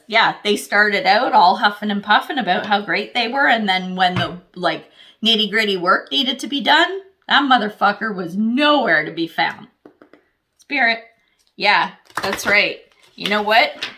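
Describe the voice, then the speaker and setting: Bright-voiced, profane woman tarot reader. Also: fairly high pitch. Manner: blunt, profane, laughing, animated. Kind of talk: casual tarot reading.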